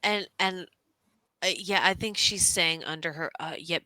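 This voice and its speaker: A woman playing a tabletop game, quietly describing what her character does. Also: on the low side, unhurried, no echo. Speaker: player.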